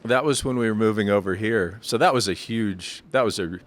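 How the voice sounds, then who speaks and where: A man's voice: fairly low pitch, brisk. A man as a brewery guest on a casual podcast, giving thoughtful, rambling explanations with frequent self-corrections and lifting his voice when he jokes.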